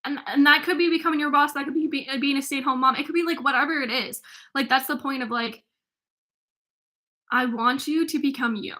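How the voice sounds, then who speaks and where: A young woman in her twenties hosts her own coaching podcast, talking alone in a loose, rambling way. Her voice sits high and sounds bright and sharp. She restarts her sentences often and fills gaps with "like.". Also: fairly even intonation, brisk. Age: 20s. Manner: rambling, filler-heavy, with many restarts. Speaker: life coach and podcast host. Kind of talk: casual solo podcast monologue.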